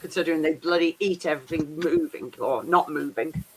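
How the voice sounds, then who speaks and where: A man in casual chat who is quick to chime in and exclaim. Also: fairly high pitch, vocal fry, slight background noise, rough recording.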